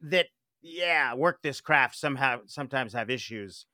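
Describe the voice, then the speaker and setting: Male podcast co-host, excitable and chatty, bright tone, dry close mic. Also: medium pitch, a little slow, dry recording. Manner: enthusiastic, chatty, many restarts. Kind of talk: casual podcast chat.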